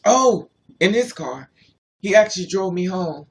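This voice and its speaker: A man's voice: high voice, lively intonation, measured pace, husky. A man on a casual livestream who tells rambling personal stories and answers viewers' chat comments as he goes.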